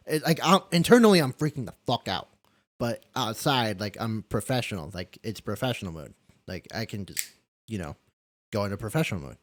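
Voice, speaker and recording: A young man, a caregiver appearing as a podcast guest, speaks at medium pitch and normal speed with no room sound. During a live-streamed interview he tells a personal story candidly and ramblingly, restarting often and swearing now and then.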